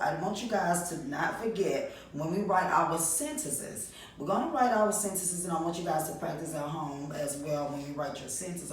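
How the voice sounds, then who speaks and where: A woman teacher leads young children through a reading lesson, slow and a little low, with encouraging sing-song praise. She sounds far from the mic in a very echoey room, with faint noise behind her.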